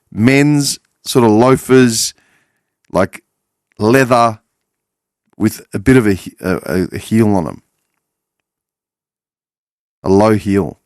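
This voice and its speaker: A man's voice: medium pitch, no room sound, clean studio sound. A man in his forties hosting a podcast, talking in a casual, meandering monologue full of swearing and self-corrections. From Australia. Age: 40s. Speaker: podcast host.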